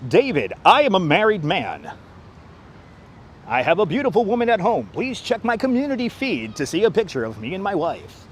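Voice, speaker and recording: Strolling a city street on a livestream, a male host talks sarcastically and chattily, greeting viewers by name through a wireless clip-on mic. His voice sits high with wildly swooping pitch, a breathy edge and a moderate pace, and the audio is poor.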